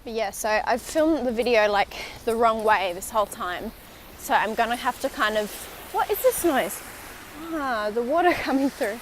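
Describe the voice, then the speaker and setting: A woman's voice: a little high, lively intonation, normal speed, slight background noise. A young woman, chatting and rambling on a walking vlog outdoors, recorded on a handheld phone, sometimes dropping to a whisper for asides. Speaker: vlogger. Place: outdoors on a riverside walk in a city.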